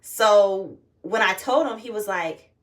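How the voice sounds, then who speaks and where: A woman's voice: mid-range voice, takes it slowly, distant mic. A young woman talking casually and candidly to her phone camera at home, swearing freely as she tells a personal story. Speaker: vlogger.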